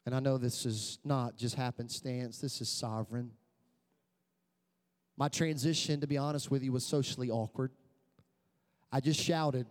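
A man preaching a sermon, telling stories and building to loud, emphatic peaks. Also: mid-range voice, normal speed, pauses often. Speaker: pastor. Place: large church hall. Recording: long hall reverb.

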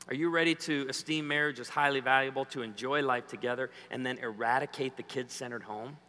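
A guest preacher with a medium-pitched male voice speaks a little fast in a humorous church sermon. He is lively and jokey and quizzes the audience, and the hall is echoey.

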